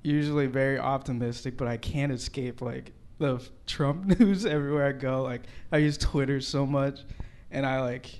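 A man works through a stand-up set in an easygoing, conversational way, often laughing along with his own jokes. His voice sits at an ordinary middle pitch. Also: steady tone, normal speed, a little mellow. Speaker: stand-up comedian.

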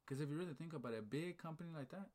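A man's voice: a little high, rapid-fire. A man in casual chat, telling a story with energy, asking "right?" and "okay?" often, with casual swearing and talk of faith. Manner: animated storyteller, fired up, repeats "right?" and "okay?".

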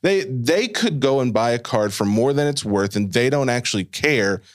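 A man's voice: medium pitch, animated, moderate pace. A man in his thirties co-hosting a podcast, teasing and laughing easily in casual chat. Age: 30s. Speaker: podcast co-host.

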